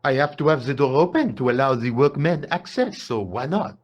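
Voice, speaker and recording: A grumpy French door guard with a French accent, played by an actor in a game. He is gruff and sardonic, and his husky voice rises and falls a lot. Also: medium pitch, animated, a little fast, muffled recording, close to an everyday voice.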